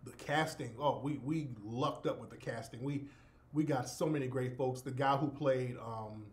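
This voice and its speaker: A man's voice: mid-range voice, moderate pace. A man hosting a radio show, casually telling a profane anecdote with laughter and acted-out quotes.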